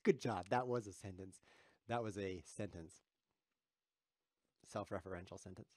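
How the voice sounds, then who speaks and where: A man streams himself playing chess and talks the whole time, cracking jokes and chuckling as he reads viewers' chat aloud. His voice sits fairly low, and the sound is dry and close with no room around it. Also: normal speed, dark tone, no echo. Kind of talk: live chess commentary.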